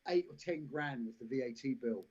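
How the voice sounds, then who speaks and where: A man's voice: mid-range voice, fairly quick, a little mellow, husky. Rambling man telling stories. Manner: rambling anecdotes, frequent restarts, laughs at own stories. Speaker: actor and director, podcast guest. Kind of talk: casual storytelling interview. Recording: lo-fi live stream audio.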